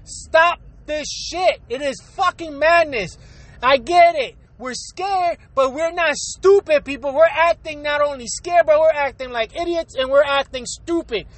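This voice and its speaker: A woman's voice: sits high, unhurried, no room sound. A woman delivering a profane, exasperated solo rant, firing off rhetorical questions. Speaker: vlogger.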